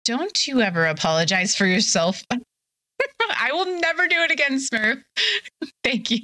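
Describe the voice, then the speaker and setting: Bubbly, tipsy woman streamer, bright voice. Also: a little high, no echo, studio quality. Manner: bubbly, gushing, reads chat aloud. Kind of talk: casual live-stream chat.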